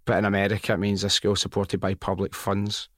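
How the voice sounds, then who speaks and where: A man's voice: fairly low pitch, completely flat delivery, a little fast, no echo, clean studio sound. A man with a Scottish accent hosting a podcast, asking curious, rambling questions and cracking jokes in casual chat. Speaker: podcast host.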